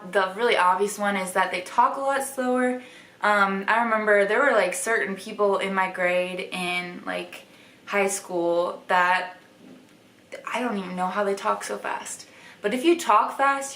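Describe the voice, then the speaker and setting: A young woman vlogger from Wisconsin chats to the camera with a light local accent, packing her speech with "like." Her mid-range voice is bright and forceful, and the echoey room carries a faint hiss.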